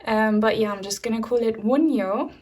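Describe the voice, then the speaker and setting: A woman with a German accent, speaking in a calm, soothing way as she hosts a pick-a-card tarot reading, with frequent ums. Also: a little high, fairly quick. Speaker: tarot reader.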